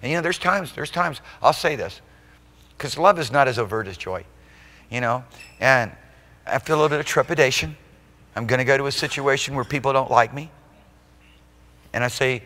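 A man preaching a sermon as pastor at a live church service. He swings between loud, emphatic exclamations and soft, intimate asides, often checking in with the congregation. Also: mid-range voice, moderate pace, long pauses, in a large hall. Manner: rhetorical check-ins with the congregation.

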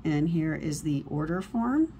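A woman's voice: low-pitched, big pitch swings, measured pace, dark tone, a little hiss or hum. A woman reading a comic book aloud in a casual, amused way, adding chatty asides between panels.

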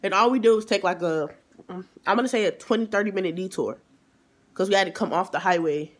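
A man vlogger telling a storytime in an animated, emphatic way, with exasperated asides. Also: sits high, fairly quick. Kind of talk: storytime vlog.

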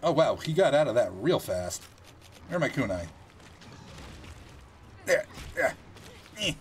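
A man's voice: medium pitch, unhurried. Guy chatting through a game, voice jumping all over, little bit of hiss behind him. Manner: chatty, thinking aloud, animated reactions. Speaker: gameplay commentator. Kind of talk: casual gameplay commentary.

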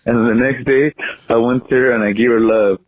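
A man's voice: medium pitch, fairly even intonation, fairly quick, no echo. Crude young man on a tinny voicemail. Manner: crude, boastful, profane. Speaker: caller. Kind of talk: voicemail story.

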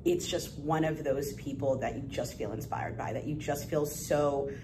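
A young adult woman, a guest entrepreneur in a casual interview, talking in an animated, effusive way with bursts of laughter. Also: sits low, moderate pace, background noise.

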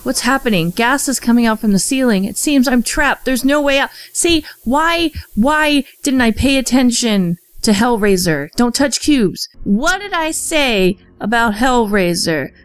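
A woman's voice: fairly high pitch, expressive, unhurried, hardly any pauses, clear, resonant tone, dry recording. A young woman giving joking, sarcastic let's play commentary. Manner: joking, sarcastic, reads game lines in silly voices. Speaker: gameplay commentator. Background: game music.

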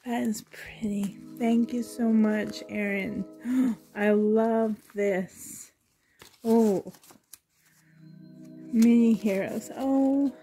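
A woman vlogger with a sore throat and cough chats through a doll unboxing, gushing with excitement and trying to spare her voice. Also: a little high, drawn-out words, pauses often, soft background music. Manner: excited and gushing, often laughing; holds back her voice, sometimes drops to a whisper. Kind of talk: casual unboxing chat.

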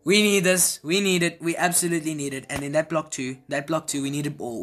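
A man giving casual, excitable reaction commentary as a video creator, repeating his exclamations and laughing often. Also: fairly high pitch, quick pace. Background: faint background music.

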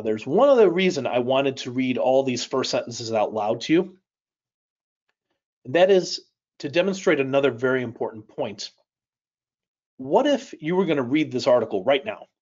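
A man leads a live speed reading lesson, speeding up and slowing down as he explains. His voice sits at a middle pitch, and the audio is slightly dull. He often checks in with listeners by asking "right?". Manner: lively, varies pace and loudness, frequent "right?". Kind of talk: live online teaching session.

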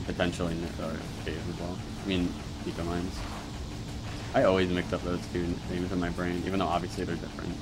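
A young man commenting on his own live speedrun, mostly muttering quiet asides and sometimes swearing loudly. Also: sits low, completely flat delivery, a little fast, over loud music. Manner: quiet, mumbled asides with sudden loud frustrated swearing. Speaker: speedrunner streaming his run.

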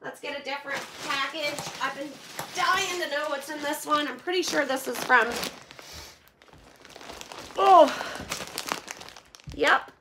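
A woman vlogger opening donation boxes and chatting to her viewers in a gushing, excitable way. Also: high-pitched, a little slow, pauses often, noisy background. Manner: gushing and excitable, repeats "oh my gosh" and "holy cow". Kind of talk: casual chat to viewers.

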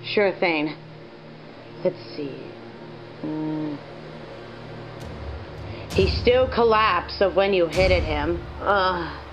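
Woman doing a slow, low bear doctor. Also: dull audio, noisy background. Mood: clinical. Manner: slow, low, matter-of-fact explaining. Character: calm male bear doctor, slow and deliberate. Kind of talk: toy play-acting.

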